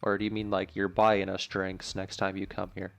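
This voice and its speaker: A man's voice: deep voice, monotone, moderate pace, creaky, a bit bright. A man commenting on a video game as he plays, chatty and jokey, thinking aloud about his moves. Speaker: gaming channel host. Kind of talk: let's play commentary.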